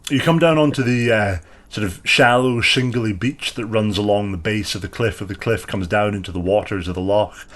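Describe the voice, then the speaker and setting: A man in a low register runs a tabletop game as its game master. He describes the scene loosely, pausing with fillers as he goes. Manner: loose, hesitant narration with many fillers. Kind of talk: improvised tabletop narration.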